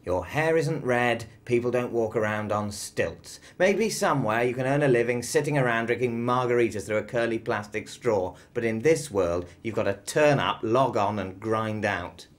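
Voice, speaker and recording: A man's voice: mid-range voice, normal speed, few pauses, lightly acted. An actor playing a stammering, anxious Englishman. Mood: exasperated. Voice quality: hesitant, stammering. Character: anxious awkward young man, stammering. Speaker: office worker. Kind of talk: sitcom acting.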